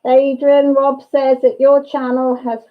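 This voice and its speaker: A woman's voice: high voice, level tone, measured pace, phone-quality sound. Chatty woman on a livestream. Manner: chatty and gossipy, laughs often, greets viewers by name. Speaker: livestream host. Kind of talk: casual chat with live viewers.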